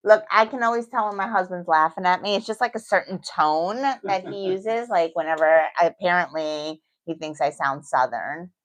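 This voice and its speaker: Middle-aged woman, New York accent, chatty nail tutorial, reassuring, slightly low voice. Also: moderate pace, few pauses, a bit bright. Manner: chatty, reassuring, thinks aloud while working. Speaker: nail technician. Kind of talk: casual tutorial talk.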